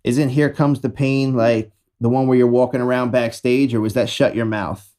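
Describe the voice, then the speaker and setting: A young man co-hosting a casual podcast. He talks in loose slang, swears, and searches for words out loud. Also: mid-range voice, steady tone, normal speed. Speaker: podcast co-host. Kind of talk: casual chat.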